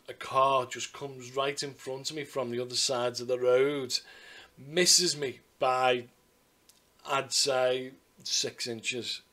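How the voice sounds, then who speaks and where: A man's voice: medium pitch, a bit bright. Chatty man. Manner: rambling, chatty, frequent restarts and asides. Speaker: vlogger. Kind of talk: casual storytelling to camera.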